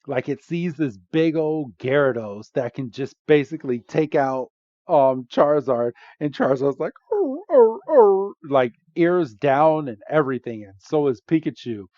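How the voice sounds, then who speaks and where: A man's voice: mid-range voice, moderate pace, no room sound. Man recapping a movie, dull dry sound. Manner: animated retelling with frequent fillers. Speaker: podcast host. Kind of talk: casual movie recap chat.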